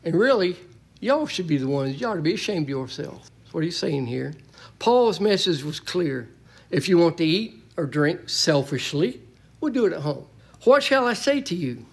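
A man preaching a sermon to his church, folksy and plain-spoken, now and then shouting a word for emphasis. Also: a little high, sing-song, normal speed, creaky, breathy edge. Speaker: pastor. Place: church sanctuary.

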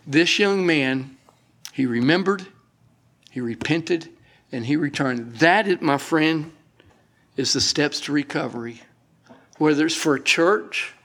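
A man's voice: a little high, gravelly, fairly bright tone. A middle-aged man, preaching a sermon with emphatic delivery and folksy asides to his congregation. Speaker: pastor.

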